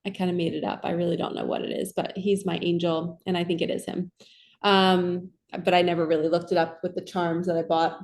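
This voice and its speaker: A woman giving a casual spiritual card reading in a soft, reassuring, affirming way. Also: on the low side, flat delivery, brisk. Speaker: tarot and oracle card reader. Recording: echoey room.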